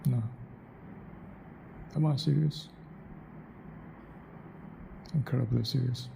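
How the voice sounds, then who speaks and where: A man's voice: mid-range voice, steady tone, slow, gravelly, warm tone, slight background noise. A man rambling in a solo vlog monologue, asking himself questions and correcting his own word choices. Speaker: vlogger.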